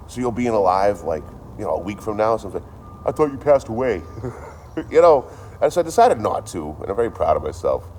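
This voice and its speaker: A man's voice: on the low side, a little mellow, slight background noise. A man in his thirties chatting casually on a livestream, with a dry, joking delivery and a lot of swearing. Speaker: livestream host.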